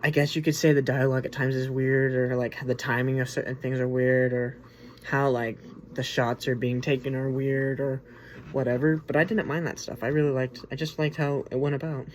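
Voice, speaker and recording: A man's voice: medium pitch, flat delivery, normal speed. A man hosting a casual spoken movie review, rambling and informal with lots of restarts and filler words. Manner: rambling and informal, with many restarts, "like" and "you know". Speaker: movie reviewer, host of the show.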